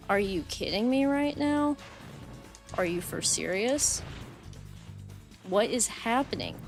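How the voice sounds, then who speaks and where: A young woman streaming live gameplay, chatting along and breaking into loud frustrated outbursts at the game. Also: medium pitch, lively intonation, normal speed, pauses often, faint music behind.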